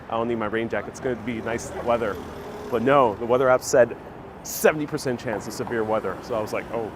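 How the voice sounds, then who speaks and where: A man's voice: on the high side, noisy background. A man hosting a casual walking livestream outdoors in a city, chatting upbeat and reading viewer comments aloud, laughing often. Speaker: travel livestream host.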